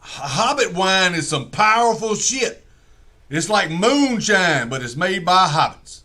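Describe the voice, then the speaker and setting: A man with a drawl spins a comic yarn in a high, bright voice. He rambles from one tangent to the next in a folksy, profane way. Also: very animated, measured pace. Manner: folksy, profane, digressive storytelling. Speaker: comedian.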